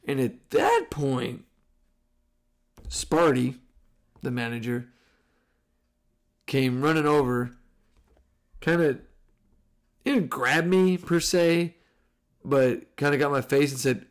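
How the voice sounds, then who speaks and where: A man in his thirties hosting a podcast, telling a story in casual, animated, profane style. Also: medium pitch, moderate pace, long pauses. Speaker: podcast host.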